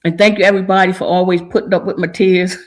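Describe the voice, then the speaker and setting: A woman's voice: on the low side, level tone, fast talker. A woman hosting a community talk show, speaking from the heart with a preachy, emotional manner. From Maryland, USA. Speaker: show host. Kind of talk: casual talk show sign-off.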